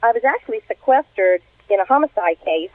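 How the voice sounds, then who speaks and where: A woman's voice: on the high side, animated, brisk, no room sound. A middle-aged woman, a retired crime scene investigator, telling her story earnestly and with animation in a radio interview. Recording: tinny phone line, dry.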